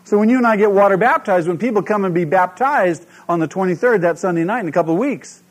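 A man preaching a sermon as pastor, animated and asking the congregation questions. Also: high voice, fast.

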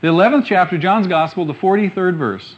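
A male preacher with a rather high voice delivers an emphatic sermon. He sinks into hushed lines and then lifts to strong, loud ones. The recording sounds dull and lo-fi. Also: fast. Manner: emphatic, swinging from quiet to loud. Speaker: pastor.

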